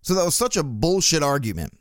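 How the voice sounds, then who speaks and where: A man hosting a podcast, telling stories in a casual, profane, animated way. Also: a little high, a little fast, no echo, clean studio sound. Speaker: podcast host. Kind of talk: casual monologue.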